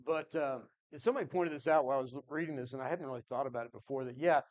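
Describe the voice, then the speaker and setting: A man's voice: mid-range voice, very fast, hardly any pauses, a little mellow. A man teaching a Bible class in an earnest, conversational way, thinking aloud and answering his class.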